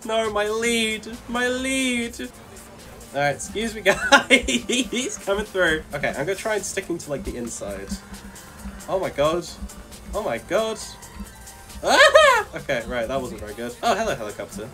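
Excitable man yelling through a race. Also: on the high side, normal speed. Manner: excitable, yelling and laughing at wins and crashes. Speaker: gaming video creator. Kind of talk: playing a racing game with live commentary. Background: faint game music.

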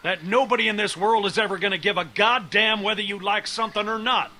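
An actor playing a gruff, grizzled uncle who leads a band of survivors in a game, blunt and commanding. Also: male voice, high-pitched, steady tone, fast talker, bright, forceful tone, poor audio. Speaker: video game character. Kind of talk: game dialogue.

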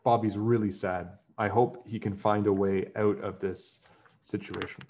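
A man reading a children's picture book aloud in an animated storytelling way. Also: lowish voice, measured pace, muffled recording.

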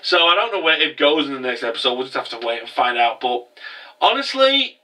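A young man reviewing an anime episode in a casual, animated, rambling way with many restarts. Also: medium pitch, brisk, far from the mic, low-quality recording.

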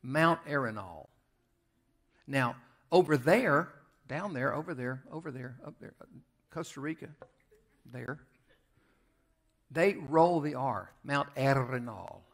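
A man with a Southern American accent, a pastor preaching a sermon in a church, moving from loud emphasis to quiet, conversational asides as he tells a story. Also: fairly high pitch, slow pace, pauses often. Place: church sanctuary.

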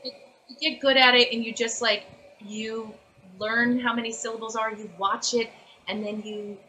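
A woman voice actress chatting casually as an interview guest, animated and full of fillers and restarts. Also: fairly high pitch, normal speed, a little hiss or hum, poor audio.

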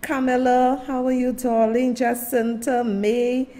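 A woman's voice: fairly high pitch, little pitch movement, slow, warm tone, faint music behind. Chatty Saint Lucian woman host. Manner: chatty, calls viewers darling and names them one by one. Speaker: show host. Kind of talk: casual livestream chat with viewer shout-outs.

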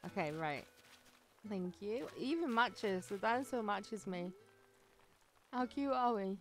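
A woman's voice: medium pitch, lively intonation, slow pace, a bit bright. A woman streaming a game, chatting casually and gushing with thanks, often gasping and giggling. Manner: bubbly, gushing thanks, frequent gasps and giggles. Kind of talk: casual livestream chat while gaming. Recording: faint game music behind.

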